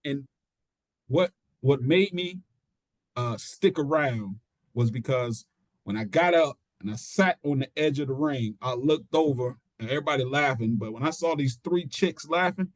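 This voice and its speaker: A middle-aged man, a pro wrestler being interviewed, telling his story casually and acting out quotes in an animated way. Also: mid-range voice, moderate pace, dry recording. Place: studio.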